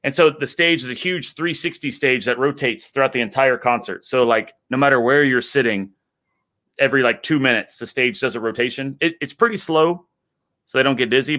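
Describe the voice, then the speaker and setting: A man's voice: mid-range voice, fairly bright tone. A man with a Texan accent chatting casually on a headset, an enthusiastic, drawling storyteller. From Texas. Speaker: guest. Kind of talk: casual chat.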